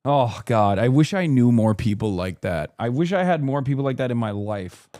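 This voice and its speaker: A man hosting a live stream, reacting in casual, animated commentary with swearing and quick jokey asides. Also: mid-range voice, no echo, clean studio sound. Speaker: streamer host.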